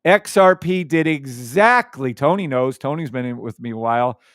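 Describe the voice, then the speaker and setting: Hosting a live trading stream, a man explains charts in a hyped, teasing exchange with viewers, humming along as he goes. His medium-pitched voice is lively, a bit bright and moderately paced, captured in a dry, studio-quality recording.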